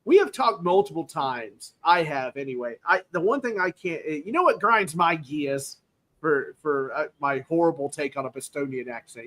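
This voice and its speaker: A man's voice: a little high, very animated, normal speed, a bit bright. A man hosting a casual football podcast, playfully spinning joking hypotheticals and laughing often. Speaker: podcast host. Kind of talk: casual sports talk.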